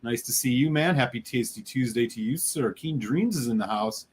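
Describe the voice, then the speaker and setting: This is a middle-aged man from the Chicago area hosting a live stream, with a voice pitched in the ordinary middle range. He talks upbeat and friendly while he reads the chat and welcomes each viewer by name. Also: normal speed, slight background noise. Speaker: host.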